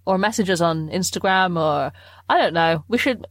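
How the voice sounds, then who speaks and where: A woman co-hosting a podcast in loose, joking chat that wanders from thought to thought. Her pitch swings up and down with plenty of life. The sound is close and dry, with no room around it. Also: animated, normal speed, no room sound. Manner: joking, meandering sign-off banter. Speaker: podcast co-host. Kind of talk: casual chat.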